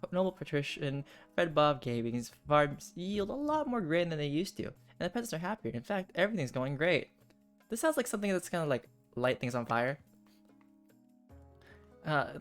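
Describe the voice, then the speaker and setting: A man's voice: on the high side, very animated, normal speed, fairly bright tone, soft background music. A man hosting a game stream, chatting casually and reading game text aloud with frequent laughs and dry asides.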